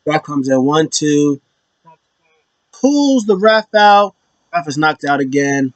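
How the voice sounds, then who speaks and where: A young man giving a casual, animated wrestling recap in slangy talk, now and then acting out the wrestlers in a pitched-up voice. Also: slow pace, no room sound. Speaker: wrestling show reviewer. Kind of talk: casual opinion vlog.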